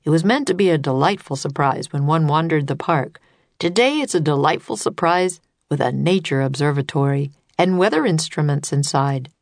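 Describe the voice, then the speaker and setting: A woman's voice: low-pitched, animated, moderate pace, no room sound. A woman reading the lines of a tall, thin, courteous male weather official in a storybook, explaining things patiently.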